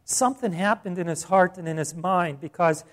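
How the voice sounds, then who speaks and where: A man's voice: high voice, moderate pace. A man preaching a sermon in a conversational way, piling up rhetorical questions and rising in emphasis. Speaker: pastor.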